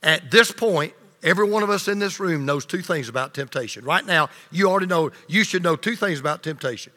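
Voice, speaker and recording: A male pastor preaching a sermon, swinging between loud emphasis and hushed low lines, leading the congregation in call and response. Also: lively intonation, fairly quick. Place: church sanctuary. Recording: long reverb of a large hall.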